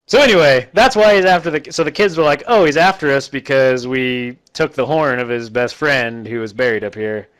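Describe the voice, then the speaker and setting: A man recapping a terrible movie in a casual, rambling, deadpan way, quickly putting on the characters' voices. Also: mid-range voice. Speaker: host recapping a bad movie.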